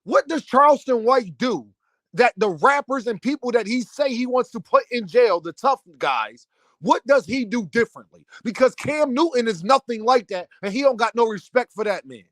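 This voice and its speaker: A man's voice: extremely high pitch, lively intonation, normal speed, a bit bright, dry recording. A man delivering an impassioned commentary rant, firing off repeated rhetorical questions in a preachy, heated way. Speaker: commentary host.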